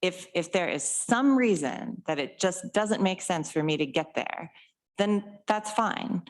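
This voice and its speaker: A woman's voice: lowish voice, animated, measured pace. A woman legislator in a meeting, plainspoken, reading from the text and laughing easily. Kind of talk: meeting discussion. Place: council chamber.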